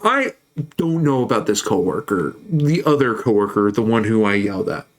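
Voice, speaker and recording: A man's voice: on the low side, lively intonation, normal speed. A man streaming, telling a story in a casual, heated, profane way.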